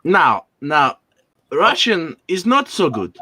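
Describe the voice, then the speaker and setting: A gleeful German-Scottish accent, put on by a man at a game table over an online call. The voice sits fairly high, bright and lively, swooping around as it relishes every mock threat. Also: slow pace, exaggerated voice. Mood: chatty. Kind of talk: playful accent impressions among players.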